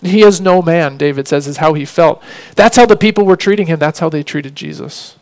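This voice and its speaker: A man preaching a sermon, earnest, slowing down to read scripture lines with emphasis. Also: a little high, a little mellow, poor audio. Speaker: pastor.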